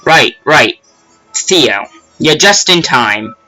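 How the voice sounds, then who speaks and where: A man voicing an absent-minded older professor in a video game, explaining things at a slow, steady pace. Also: medium pitch, soft background music, exaggerated voice, rough recording.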